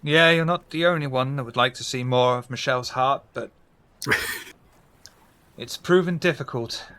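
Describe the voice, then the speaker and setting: A man's voice: mid-range voice, a little slow, sharp tone, clean tone. A man running a tabletop game as game master, narrating playfully and full of double meanings.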